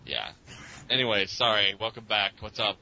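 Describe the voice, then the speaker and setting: A man's voice: normal speed, vocal fry, bright, forceful tone. A man in casual conversation who rambles, swears freely, mocks himself and laughs often. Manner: rambling, profane, self-mocking, laughs often. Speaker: podcast interviewee. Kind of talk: casual chat. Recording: muffled lo-fi recording with faint rumble.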